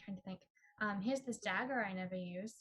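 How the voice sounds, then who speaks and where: A woman's voice: mid-range voice, a little fast, fairly bright tone. A woman playing a live tabletop role-playing game, rambling and giggling as she talks. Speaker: player. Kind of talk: casual in-character chat.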